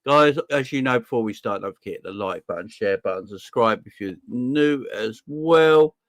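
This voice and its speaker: A young man hosting a football fan livestream, casually and cheerfully shouting out viewers in the chat. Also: mid-range voice, animated, moderate pace, no echo. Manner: upbeat, shouting out viewers by name. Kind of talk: casual live-stream chat.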